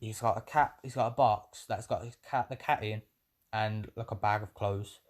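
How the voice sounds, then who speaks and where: A man's voice: fairly low pitch, steady tone, normal speed. A young man retelling a fan story in a rambling, self-correcting way, swearing freely as he goes. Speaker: vlogger.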